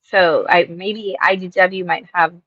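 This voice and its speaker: A woman's voice: on the low side, fairly even intonation, unhurried. A chatty woman joins a casual talk about comics, speaking in an easy, conversational way. Her audio sounds dull and muffled, with no room echo at all. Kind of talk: casual chat.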